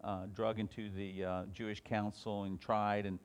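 Male Bible teacher, lower register, casual classroom delivery, reads passages then chats through them with stumbles. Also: little pitch movement, normal speed, clean tone. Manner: reads scripture aloud with rising emphasis, then talks it over with many restarts.

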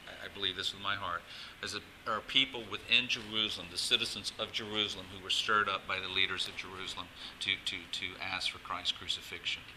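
Male pastor, lower register, crisp bright tone, lively sermon with a faint hum behind. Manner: animated, coaxing the congregation to join in. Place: church service with congregation.

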